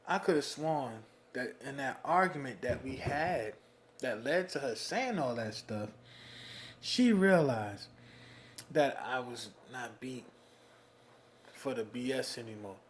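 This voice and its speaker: A young man from New Jersey venting about being a father in a casual monologue, animated, with lots of "you know what I mean". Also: slow pace, long pauses. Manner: animated, swings loud and high when worked up, frequent "you know what I mean". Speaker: vlogger talking about fatherhood.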